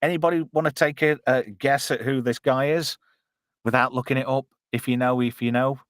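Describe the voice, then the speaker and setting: A man's voice: medium pitch, fairly even intonation, a little fast, fairly bright tone, no echo, clean studio sound. A man hosting a casual live film watch-along, chatty and jokey with lots of fillers. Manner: chatty, jokey, filler-heavy, reads chat aloud. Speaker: podcast host watching a film with chat.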